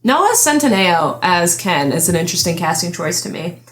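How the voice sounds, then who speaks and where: A woman's voice: lowish voice, sing-song, normal speed. Giggly, chatty young woman podcast host. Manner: chatty, giggles often, trails off and restarts. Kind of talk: casual chat.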